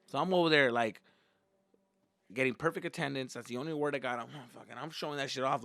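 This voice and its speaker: Young comedian guy rambling through funny stories, cussing a ton, bright punchy voice. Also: medium pitch, a little fast, no echo, clean studio sound. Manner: profane, animated, acts out quotes. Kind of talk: casual comedic storytelling.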